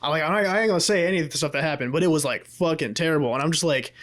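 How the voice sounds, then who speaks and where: A man's voice: a little high, racing, a bit bright. A man co-hosting a casual podcast, talking in a rambling, profane way with many restarts. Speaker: podcast co-host.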